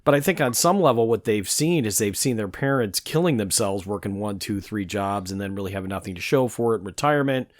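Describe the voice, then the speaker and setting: A man in his fifties hosts a podcast in a casual chat, with a fairly low voice. He thinks aloud in a reflective way, hedging often. The sound is dry and close, with no room echo. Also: lively intonation, brisk, few pauses. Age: 50s. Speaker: podcast host.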